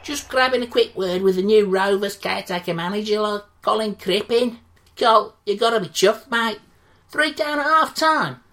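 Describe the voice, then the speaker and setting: A woman voicing a pushy male sports radio reporter in a comedy sketch, who talks loudly and gushes. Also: mid-range voice, moderate pace, natural voice. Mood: gushing. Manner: loud, gushing, pushy.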